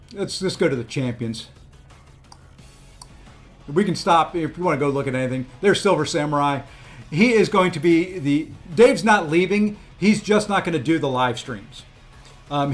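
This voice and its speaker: A man streaming a mobile game, chatting casually with viewers and often filling pauses with ums. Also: fairly high pitch. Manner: chatty, frequent ums and restarts. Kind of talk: casual livestream commentary.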